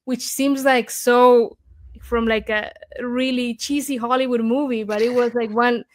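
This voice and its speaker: A woman's voice: on the high side, fairly even intonation, unhurried. Argentine-accented woman telling her story. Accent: Argentine Spanish. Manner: eager, many restarts and fillers. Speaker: guest. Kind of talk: interview storytelling.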